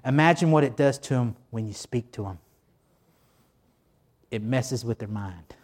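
A man's voice: mid-range voice, expressive, a little slow, darkish tone. A pastor preaching a sermon to his congregation in a church, conversational and joking, asking many rhetorical questions.

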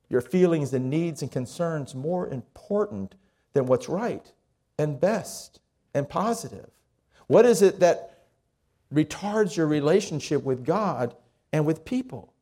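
A man preaching a sermon as pastor, talking in a conversational, lively storytelling way. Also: fairly high pitch.

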